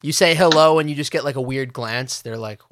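A man's voice: on the high side, fairly even intonation, fairly quick, fairly bright tone, no room sound, clean studio sound. A man hosting a casual podcast who asks laid-back questions padded with filler words. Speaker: podcast host.

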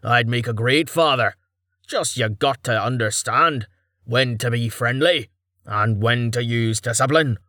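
A man's voice: mid-range voice, a little slow, bright, forceful tone, no echo, clean studio sound. A man voicing a jovial, burly male adventurer who coos at a goat and says "aye". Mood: playful.

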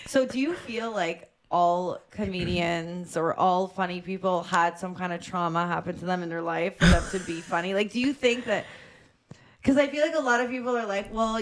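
A woman hosting a casual interview podcast, who laughs often and reacts quickly. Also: fairly low pitch. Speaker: podcast host.

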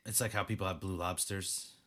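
A man's voice: low-pitched, fairly quick. A man co-hosting a casual podcast, teasing his co-host and joking around. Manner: teasing, expressive. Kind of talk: casual chat.

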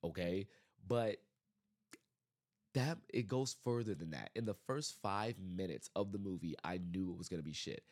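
A man hosting his own podcast, giving a casual, animated movie review full of exasperated rants and restarts. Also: low-pitched, moderate pace. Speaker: podcast host.

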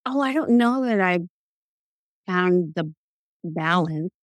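Middle-aged woman, candid interview guest, animated, laughing, dry close sound. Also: lowish voice, takes it slowly, dry recording. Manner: candid, animated, laughs often, acts out quotes. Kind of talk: casual interview chat.

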